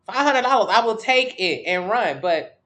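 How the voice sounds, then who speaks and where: A woman's voice: mid-range voice, lively intonation, moderate pace, fairly bright tone. A woman from Miami hosting a casual livestream from her couch, talking bluntly and profanely while answering viewer comments. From Miami, Florida. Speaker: livestream host.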